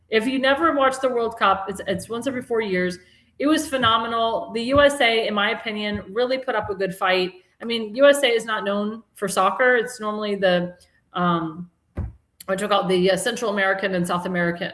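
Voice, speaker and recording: Woman host, live talk stream, rambling and chatty, mid-pitched voice, roomy echo. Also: a bit bright. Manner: chatty, rambling, many fillers and restarts; indignant, scolding. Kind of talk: casual political talk show commentary.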